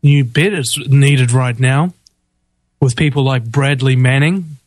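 A man's voice: medium pitch, slow, dry recording. A man hosting a talk show, ranting in heated, indignant commentary full of rhetorical questions and fillers. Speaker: host of a political talk show.

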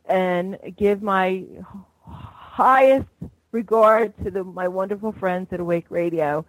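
A woman's voice: medium pitch, slow, dry recording, rough recording. Chatty woman hosting internet radio. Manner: chatty, gushing, laughs often. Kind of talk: live talk radio.

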